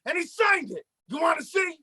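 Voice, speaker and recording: A man voicing an excitable male puppet with a raspy, shouty voice, hollering through podcast banter. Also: very high-pitched, normal speed, heavily acted. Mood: excited. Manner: yelling excited exclamations. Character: loud excitable male puppet, scrappy hustler.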